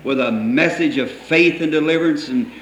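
A man preaching, his voice sitting a little high for a man. He preaches in a folksy way, telling stories and chuckling as he goes. The old church recording rings with echo under a faint hiss. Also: normal speed. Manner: folksy storytelling, quoting others, chuckling. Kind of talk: sermon.

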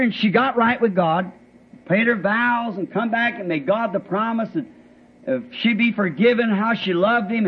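Speaking in a very high, slightly rough voice, a man shares a testimony as part of a sermon. The story rambles in a down-home manner with rural grammar, and the old recording is dull and lo-fi.

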